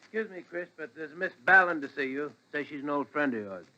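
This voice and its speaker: A man playing a brisk, deferential household servant in a 1940s radio drama. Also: fairly high pitch, expressive, sharp tone. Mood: polite. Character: polite male household servant. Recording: dull old radio broadcast.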